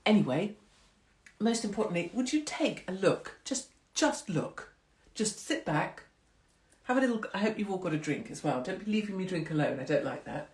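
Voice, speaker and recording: A woman's voice: mid-range voice, lively intonation, moderate pace, darkish tone, reverberant. Chatty, swearing middle-aged woman livestreaming. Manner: chatty, rambling, swears freely, self-mocking. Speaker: host of a live social-media stream. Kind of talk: casual chat with live viewers.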